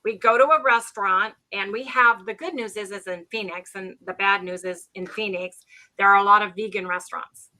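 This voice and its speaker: A talkative woman tells her story as a livestream guest, circling back and restarting her sentences as she goes. Her voice is bright and ringing, and she sits at a middling pitch for a woman. It is a casual, animated chat. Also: brisk. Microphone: livestream call.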